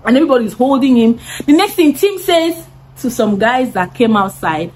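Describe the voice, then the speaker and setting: Animated Nigerian woman telling a story. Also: fairly high pitch, normal speed, slightly rough. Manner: animated, laughing, swearing. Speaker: vlogger. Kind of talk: storytime vlog.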